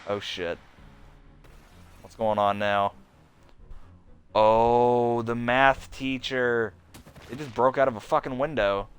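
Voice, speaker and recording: A man streaming a game live, reacting with blunt, excitable commentary and swearing. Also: medium pitch, slow pace, pauses often, clean tone.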